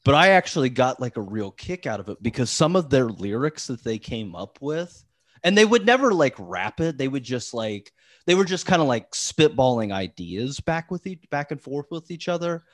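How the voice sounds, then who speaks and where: A man's voice: mid-range voice, sing-song, moderate pace, dry recording. A man hosting a podcast, telling a story in casual chat, rambling with lots of "like" fillers and restarts. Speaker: podcast host.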